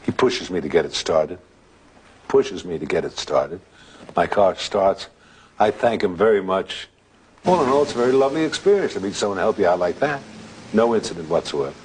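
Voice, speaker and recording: Deep-voiced man telling a ghost story. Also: a little hiss or hum. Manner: halting, relaxed, with restarts and "uh". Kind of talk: anecdotal storytelling.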